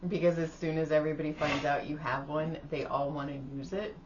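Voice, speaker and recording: A woman with a lowish voice chats casually on a podcast, giggling through her stories. The audio is a bit dull, with a faint hiss. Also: steady tone, brisk. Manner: giggly, chatty storyteller. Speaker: podcast host. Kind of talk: casual chat.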